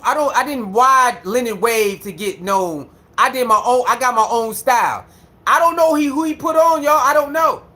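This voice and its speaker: A man with speech giving a casual, animated commentary rant, repeating himself and mocking others. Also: very high voice. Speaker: commentary streamer.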